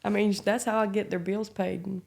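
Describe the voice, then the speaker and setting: Southern woman, podcast guest, laid back and soft, just chatting. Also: mid-range voice, little pitch movement, brisk, creaky. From North Carolina. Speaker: podcast guest, comedy creator. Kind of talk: casual chat.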